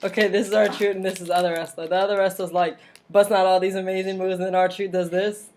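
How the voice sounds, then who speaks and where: A woman talks through a wrestling recap at home, rambling loosely with lots of fillers. She laughs easily and drops mocking asides. Her pitch is middling for a woman and her tone is relaxed and conversational. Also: fast talker, a little hiss or hum. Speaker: vlog host. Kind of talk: casual wrestling recap vlog.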